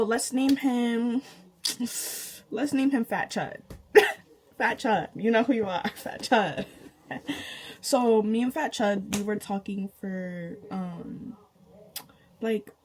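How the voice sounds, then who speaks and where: A young woman, casually telling a storytime to her channel, animated and chatty, laughing often and jumping high in pitch with disbelief. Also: slow, pauses often, low-quality recording. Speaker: vlogger.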